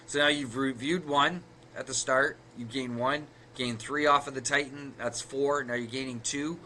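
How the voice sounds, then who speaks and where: A man's voice: medium pitch, fairly even intonation, normal speed, bright, forceful tone, slight background noise. A man co-hosting a card game podcast, walking through the math of card plays step by step and correcting himself as he goes. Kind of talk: casual explanatory chat.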